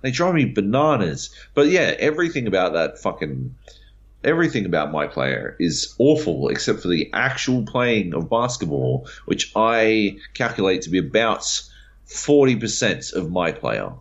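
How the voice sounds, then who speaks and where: A man's voice: low-pitched, big pitch swings, moderate pace. A man co-hosting a casual podcast chat, ranting in a heated, profane way. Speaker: podcast co-host. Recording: dull lo-fi audio.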